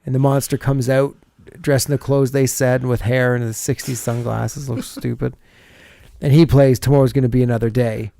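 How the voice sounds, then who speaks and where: A man's voice: mid-range voice, little pitch movement, normal speed, gravelly, warm tone. A man co-hosting a podcast, casually recapping a TV episode scene by scene and laughing often as he goes.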